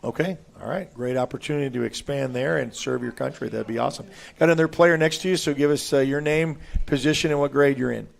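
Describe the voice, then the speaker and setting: Gravelly-voiced sports show host. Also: male voice, medium pitch, fast, hardly any pauses. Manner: chatty, asks players questions, trails off. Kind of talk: casual interview. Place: restaurant in a mall.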